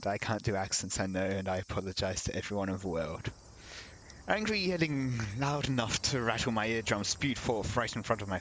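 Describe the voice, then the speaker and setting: A man's voice: fairly low pitch, fairly bright tone, poor audio. Male let's-play host reading story text aloud, casual wry asides, faint background hiss. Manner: reads narration, breaks off into wry comments.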